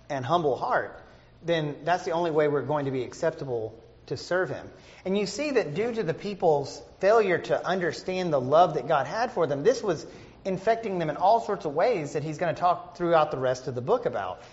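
A man's voice: a little high, big-room sound, highs cut off. A man preaching a sermon in a conversational way, with many fillers and restarts.

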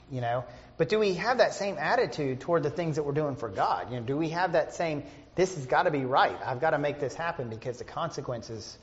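Man preaching, fairly high voice, conversational, full of fillers, long hall echo, slightly muffled. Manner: conversational, many fillers and restarts. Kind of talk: sermon.

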